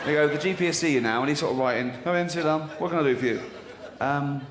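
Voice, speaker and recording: A man's voice: fairly high pitch, fast, few pauses. Incredulous man doing stand-up. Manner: incredulous, mocking, swearing. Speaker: stand-up comedian. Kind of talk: stand-up routine. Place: stage in a theatre with audience laughter. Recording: echoey live theatre with audience noise.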